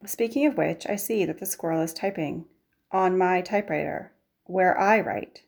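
A woman voicing a strained mother who talks with stiff, flat, robotic politeness. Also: lowish voice, moderate pace, creaky.

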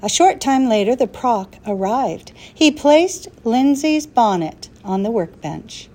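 A woman narrating a children's story in a measured, expressive way. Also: on the high side. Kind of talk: storybook reading.

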